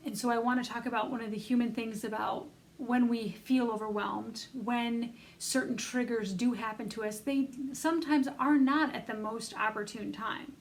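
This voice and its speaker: A middle-aged woman leads a conversational self-help session, earnest and encouraging as she speaks straight to her listeners. Her voice sits a touch high and carries a gravelly fry. A faint hiss of noise sits under her words. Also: steady tone, normal speed, few pauses, poor audio. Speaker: self-love coach leading an online bootcamp.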